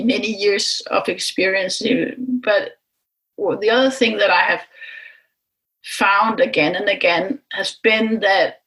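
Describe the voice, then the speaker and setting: Woman podcast guest, mom, thinks out loud, halting and reflective. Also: mid-range voice, rough recording. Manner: reflective, halting, with many restarts. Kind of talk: conversational interview.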